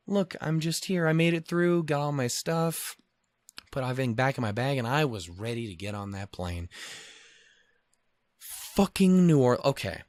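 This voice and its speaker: A young man rants through a travel story on his own podcast, swearing freely and restarting his sentences. His voice sits a little high for a man, and the recording is close and dry, with no room sound. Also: lively intonation, quick pace, no room sound. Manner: profane, exasperated storytelling with many restarts. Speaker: podcast host. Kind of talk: solo podcast ranting.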